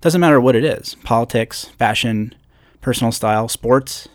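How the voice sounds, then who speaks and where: Talking at a normal speed in a mid-range voice, this upstate New York man in his thirties hosts his solo podcast from a hotel room. He uses a podcast mic fitted with a pop screen and keeps things conversational, with self-deprecating asides. The audio is studio quality with no echo.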